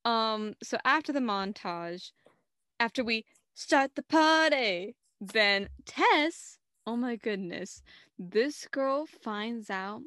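A woman's voice: a little high, animated, slow pace, a bit bright, clear, resonant tone, dry recording, studio quality. A young woman co-hosting a casual movie review, giggling and acting out characters' lines in playful voices. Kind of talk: casual chat.

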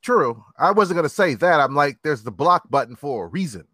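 A man's voice: a little high, lively intonation, fairly quick, a bit bright, dry recording, studio quality. A man co-hosting a casual podcast, blunt and wry, who swears casually. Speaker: podcast co-host.

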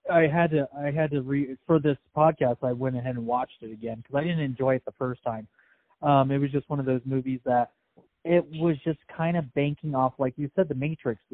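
A man's voice: medium pitch, dry recording. Man listing game trivia, hesitant. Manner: fact-listing, hesitant with fillers. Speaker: podcast co-host. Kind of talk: casual movie review chat. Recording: dry, tinny phone-like sound.

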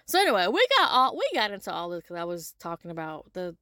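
A woman hosting a solo podcast, talking in an animated, casual way with some swearing, swinging from loud to soft. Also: fairly low pitch, fast talker, dry recording, studio quality. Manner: casual, with profanity and y'all. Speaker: podcast host. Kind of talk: solo motivational podcast monologue.

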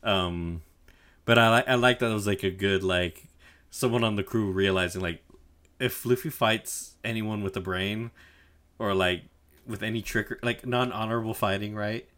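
Young dude w a lowish voice rambling thru an anime recap, swears a ton, says like every other word. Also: male voice, fairly even intonation, moderate pace, fairly bright tone. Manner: rambling, profane, filler-heavy retelling with quoted voices. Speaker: podcast co-host recapping anime. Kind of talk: casual chat.

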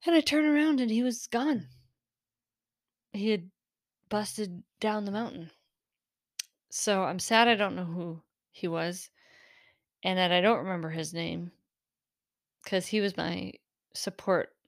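A woman's voice: mid-range voice, unhurried, long pauses, no echo, clean studio sound. A middle-aged woman hosting a podcast, telling a personal story in an earnest, emotional way, laughing now and then. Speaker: podcast host.

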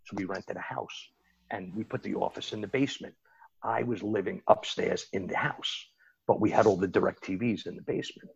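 A man with a very husky, gravelly voice tells a long story in a relaxed, rambling way, circling back and restarting his sentences. The recording is a little dull and lo-fi. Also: lowish voice, a little fast. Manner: rambling, with frequent restarts and asides. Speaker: interview guest recounting his bookmaking days. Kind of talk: casual storytelling.

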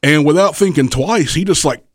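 A man's voice: fairly high pitch, moderate pace, slightly rough, no room sound, clean studio sound. A man telling a rowdy story on a podcast, swearing freely, laughing often and acting out the lines of the people in it. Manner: profane, animated, laughs often, acts out quotes. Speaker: wrestling promoter, guest.

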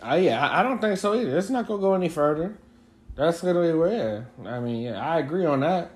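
A man's voice: on the high side, lively intonation, quick pace, darkish tone. A man co-hosting a podcast, talking basketball in a rambling, casual way with many fillers and restarts. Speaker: podcast co-host. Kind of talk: casual sports chat.

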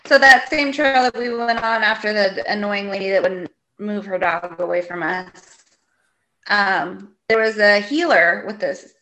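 Bright-voiced woman telling lively stories. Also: medium pitch, unhurried. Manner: animated storyteller, acts out quotes, exasperated. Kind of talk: casual chat.

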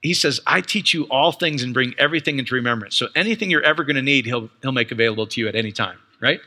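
A man preaching a casual, excited teaching sermon, quoting others and asking his listeners questions. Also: mid-range voice, fast, in a large hall. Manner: animated, excited, conversational, quotes others.

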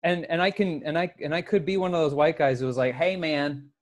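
A man co-hosting a podcast, telling stories in casual chat, animated and full of swearing. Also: a little high, quick pace. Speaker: podcast co-host.

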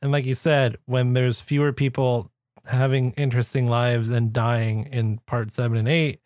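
A man's voice: medium pitch, level tone, a little mellow, dry recording. Playful man on a dry close mic. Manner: playful, quick to laugh. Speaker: podcast co-host. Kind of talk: casual podcast chat.

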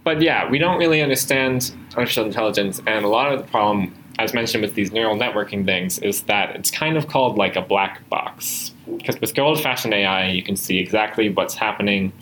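A man's voice: fairly low pitch, fairly quick, few pauses, a bit bright, a little hiss or hum, low-quality recording. A man hosting a podcast chat, explaining topics in a casual, filler-heavy way. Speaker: host. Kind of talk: podcast conversation.

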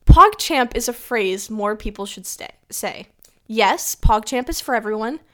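A young woman co-hosting a casual chat over a video call, giggly and rambling, her voice trailing off softly. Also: a little high, animated, a little slow. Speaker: co-host.

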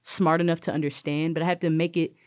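A woman's voice: low-pitched, flat delivery, quick pace, darkish tone, clear, resonant tone, dry recording, studio quality. A young woman hosting a podcast, chatting casually and telling stories with lots of "like" and "you know". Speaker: podcast host. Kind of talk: casual chat.

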